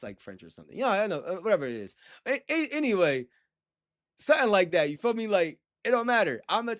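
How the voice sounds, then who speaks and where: Rambling young man chatting on a livestream. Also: on the high side. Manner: rambling and animated, heavy slang, frequent laughs. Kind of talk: casual livestream chat.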